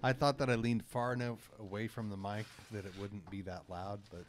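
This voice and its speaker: A man's voice: fairly low pitch, little pitch movement, fairly quick. A man co-hosting a casual podcast, joking and asking questions. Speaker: podcast co-host. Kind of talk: casual chat.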